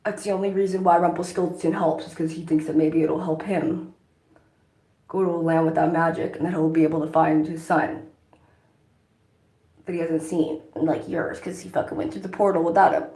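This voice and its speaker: Woman vlogger with a low, gravelly voice who rambles and swears a lot while doing makeup, recorded in an echoey room. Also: fairly even intonation, moderate pace, mellow. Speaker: vlogger, songwriter.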